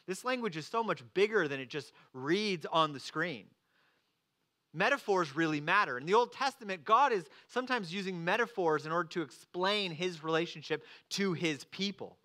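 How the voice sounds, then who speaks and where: A man preaching a sermon, earnest, moving from loud emphatic lines to slow, hushed ones. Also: a little high. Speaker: pastor.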